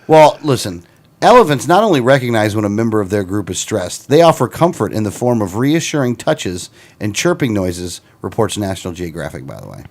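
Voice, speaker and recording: A man's voice: lowish voice, very animated, fairly quick. A man co-hosting a casual talk show, joking and ranting, laughing often. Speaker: co-host. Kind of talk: casual chat.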